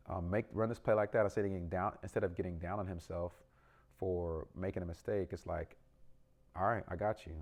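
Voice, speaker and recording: A man's voice: low voice, a little mellow. A middle-aged man, a parent and youth basketball coach, giving an earnest, rambling update with lots of ums and restarts. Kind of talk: casual vlog update.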